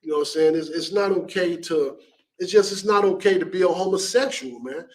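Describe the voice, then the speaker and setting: A man's voice: high-pitched, fairly even intonation, brisk, a little mellow, recorded from a distance, rough recording. A man teaching a Bible class in an emphatic, blunt and repetitive preaching style, often ending lines with "man".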